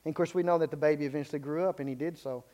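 A man's voice: fairly high pitch, fairly even intonation, very fast, warm tone. A man preaching a sermon in an unscripted way, stumbling and repeating words, then building to emphatic peaks.

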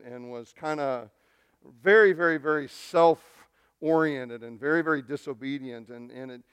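A man's voice: a little high, clear, resonant tone, no room sound, studio quality. A middle-aged male pastor preaching a sermon, telling a family story in an earnest, storytelling way with frequent restarts.

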